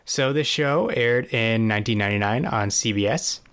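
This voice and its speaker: A man's voice: lowish voice, moderate pace, a bit bright, clear, resonant tone. A man co-hosting a podcast, casually recapping a TV episode in a dry, sarcastic way with plenty of fillers and restarts. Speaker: podcast co-host.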